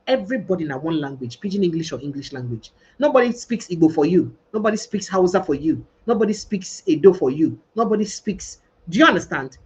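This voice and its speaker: Lively Nigerian woman podcast host. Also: on the low side, a little fast, hardly any pauses, husky. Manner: mixes Pidgin and English, animated and emphatic. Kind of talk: casual livestream discussion.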